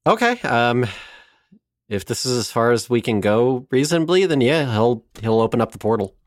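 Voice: medium pitch, big pitch swings, normal speed, dry recording. A player at a tabletop game, hesitant and thinking aloud about a plan.

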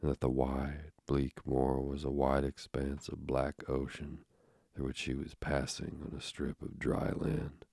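A man narrating an audiobook in a measured, steady reading with a gravelly voice. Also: extremely low pitch, no room sound, clean studio sound.

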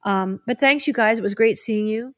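A middle-aged woman hosting a podcast in casual chat, chatty and animated as she gives heartfelt advice. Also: fairly high pitch, normal speed, dry recording, studio quality. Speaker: podcast host.

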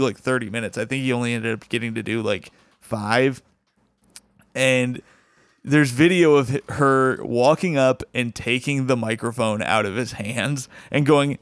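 A man's voice: medium pitch, smooth, dry recording, clean studio sound. A young man, a comedian, casually telling a funny anecdote, laughing often as he talks. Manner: animated, laughs often while telling the story.

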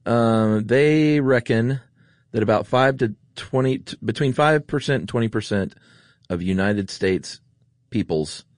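A man's voice: medium pitch, a little slow, no room sound, clean studio sound. A man co-hosting a podcast in casual chat, joking and telling rambling personal stories. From Atlanta area, US. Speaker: podcast co-host.

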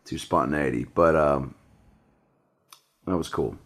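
A man hosting a podcast, chatting casually with profane, joking, animated storytelling. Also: very deep voice, a little slow. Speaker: podcast host. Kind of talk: casual chat.

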